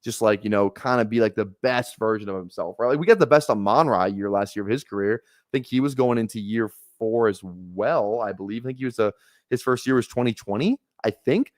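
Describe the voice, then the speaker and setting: A man's voice: lowish voice, fairly quick, dry recording, clean studio sound. A man casually rambling on a live stream while drafting fantasy football, talking loosely with filler words and the odd curse. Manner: laid-back rambling with frequent laughs and swearing.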